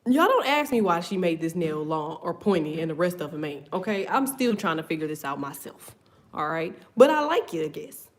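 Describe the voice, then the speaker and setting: A woman's voice: fairly low pitch, big pitch swings, fairly quick. A woman giving a casual tarot reading. She swears freely, laughs often and drifts off on tangents. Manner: loose, profane, laughs often, goes off on tangents. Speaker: tarot reader.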